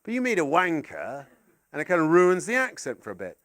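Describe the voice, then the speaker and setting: A middle-aged man performing a rambling stand-up set, excitable and sweary, with sudden yelps. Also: on the high side, a little fast, no room sound, clean studio sound. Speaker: stand-up comedian.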